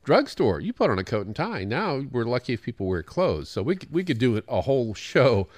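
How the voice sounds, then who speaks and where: A man's voice: mid-range voice, sing-song, a little fast, dry recording. An American man co-hosting a radio talk show, trading wry, self-deprecating comments in casual chat from the studio. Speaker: radio co-host.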